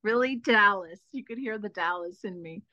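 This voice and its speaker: A woman's voice: medium pitch, moderate pace, sharp tone, no room sound, dull audio. A woman from Texas hosting a casual interview, bubbly and full of filler words. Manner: bubbly, lots of "like" and restarts. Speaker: podcast host.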